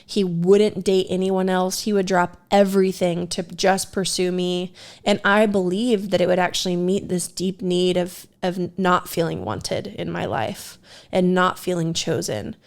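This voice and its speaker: A woman's voice: on the low side, steady tone, unhurried, gravelly. Woman, podcast co-host, candid and self-deprecating storyteller who laughs often. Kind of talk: casual storytelling.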